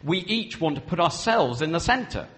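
A man's voice: fairly high pitch, very animated, normal speed, a bit bright. A man preaching a sermon with earnest delivery, acting out spoken vows as he goes. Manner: earnest, acts out vows in quoted speech. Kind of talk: sermon on marriage. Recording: long hall reverb.

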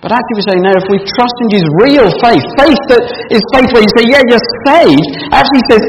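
A man preaching an animated family church sermon and leading the congregation in call-and-response. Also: very high voice, fast, hardly any pauses, roomy sound, long reverb tail, a little hiss or hum, low-quality recording. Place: church hall.

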